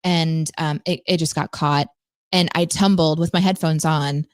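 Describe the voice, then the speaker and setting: Chatty woman co-host, low and dry. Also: fairly even intonation, normal speed, dry recording. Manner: chatty, laughs often, storytelling. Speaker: podcast co-host. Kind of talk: casual chat.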